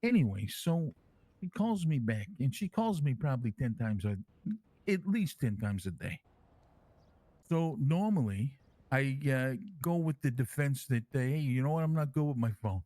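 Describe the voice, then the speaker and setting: A man's voice: mid-range voice, normal speed, no echo, lightly acted. A man playing a brash, crude crime-family boss who calls himself king, rambling and swearing through his stories in an online role-play. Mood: boastful. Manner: rambling storyteller, swears constantly, lively and animated.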